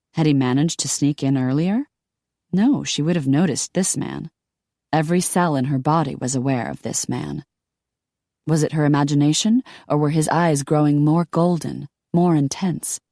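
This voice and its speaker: A woman narrating a romance audiobook in a lively, wry storytelling manner. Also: low-pitched, no room sound, studio quality.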